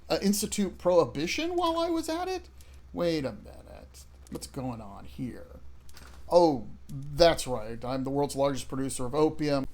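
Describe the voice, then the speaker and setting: A man hosting a history strategy gaming channel, talking in a lively, chatty and self-mocking way. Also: a little high. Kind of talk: scripted gameplay commentary.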